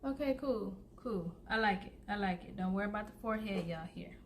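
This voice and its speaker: A woman's voice: medium pitch, animated, fairly quick, a little hiss or hum. A woman, chatting casually to viewers through a makeup routine and calling them y'all. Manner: chatty, addresses viewers as y'all, laughs often. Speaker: beauty vlogger. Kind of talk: casual get-ready-with-me chat.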